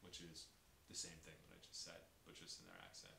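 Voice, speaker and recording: Energetic man, lowish voice with a bright, forceful edge, casual podcast talk, echoey room with faint hiss. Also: a little fast, creaky. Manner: energetic, imitates Italian accents. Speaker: podcast guest.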